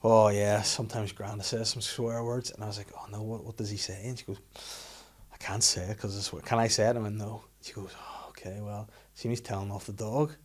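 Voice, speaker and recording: A man's voice: fairly low pitch, little pitch movement, fast talker, husky. Man, 30s, podcast host; casual, laughing storyteller. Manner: storytelling, laughs often, swears freely. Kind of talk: casual chat.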